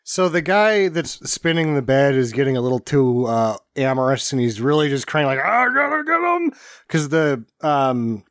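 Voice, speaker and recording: A man's voice: medium pitch, normal speed, hardly any pauses, clean tone, no room sound, studio quality. A man casually chatting about a bad movie, making wry, profane jokes. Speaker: podcast co-host. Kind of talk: casual movie recap chat.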